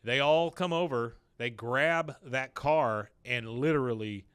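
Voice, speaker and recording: A man co-hosting a podcast, casually retelling a cartoon episode and jumping into quick voices for the characters. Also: mid-range voice, smooth, no echo. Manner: animated, acts out characters' lines in quick put-on voices. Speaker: podcast co-host recapping an episode.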